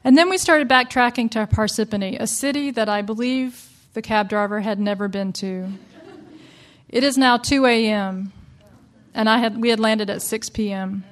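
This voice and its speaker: A woman's voice: a little high, normal speed. A woman from the American South telling a personal story to an audience in a wry, conversational way.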